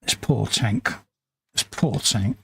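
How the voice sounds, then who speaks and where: A man's voice: fairly low pitch, expressive, slow, gravelly, a bit bright, a little hiss or hum. A man from the UK co-hosting a casual live stream, joking and mocking himself. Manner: jokey, self-mocking, acts out quoted voices. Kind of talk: casual chat.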